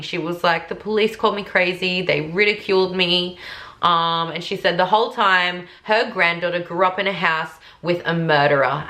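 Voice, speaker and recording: A young woman chats through a true crime recap in a casual, rambling way, full of fillers and asides to her viewers. Her voice is bright and forceful and sits on the lower side. She sounds unscripted. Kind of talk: casual vlog commentary.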